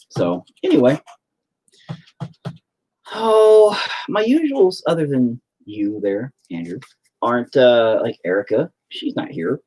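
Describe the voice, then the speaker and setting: A man's voice: mid-range voice, big pitch swings, unhurried, dark tone, husky. A man hosting a painting livestream from home, talking in a rambling, sarcastic, self-mocking way with plenty of swearing. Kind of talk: casual chat while painting.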